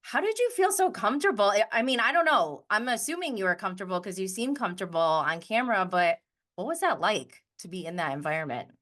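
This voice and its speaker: A woman's voice: mid-range voice, big pitch swings, fast talker, a bit bright. A young woman hosting a podcast, asking eager, chatty questions and joking about herself. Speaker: podcast host. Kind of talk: casual interview chat.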